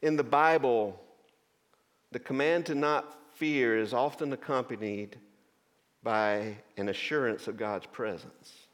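A pastor with a medium-pitched voice gives a sermon in a church sanctuary, earnestly explaining scripture and pausing often. Long church reverb trails after his words.

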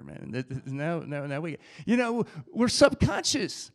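A man preaching a sermon in a lively, conversational way, repeating phrases for emphasis. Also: a little high, measured pace, few pauses.

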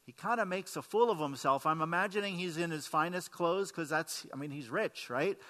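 A man's voice: fairly high pitch, fairly quick, fairly bright tone. A man preaching a sermon in a conversational way, often asking the congregation questions. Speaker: pastor. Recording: long hall reverb.

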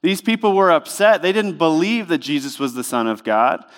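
A man's voice: on the high side, animated, normal speed. A man preaching a sermon in a church, speaking in a conversational, emphatic way with lots of rhetorical questions. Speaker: pastor.

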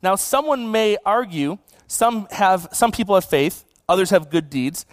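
A man's voice: high-pitched, unhurried, no echo. A young adult man giving a casual sermon as a guest preacher, conversational and joking, with many "like" fillers.

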